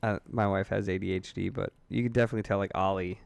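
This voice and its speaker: Podcast co-host, man, lower register, smooth voice, dry close sound, rambling and laughing. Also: fairly even intonation, quick pace, no echo. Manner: rambling, laughing, full of fillers. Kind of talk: casual chat.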